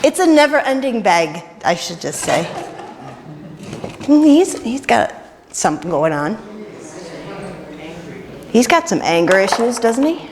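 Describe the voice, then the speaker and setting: A woman minister leading an interactive sermon, chatty and playful with quick jokes, in a church. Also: a little high, big pitch swings, background noise. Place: church sanctuary. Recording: reverberant church hall.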